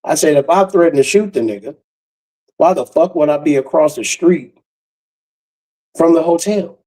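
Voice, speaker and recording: A man telling a profane, animated story and acting out the other people's voices. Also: on the high side, normal speed, poor audio. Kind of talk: casual storytelling monologue.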